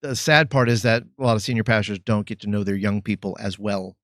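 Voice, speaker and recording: A man who is a youth pastor, a guest on a podcast, reflecting thoughtfully and pausing to search for his words. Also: fairly low pitch, fairly bright tone, no echo, clean studio sound. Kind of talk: reflective interview talk.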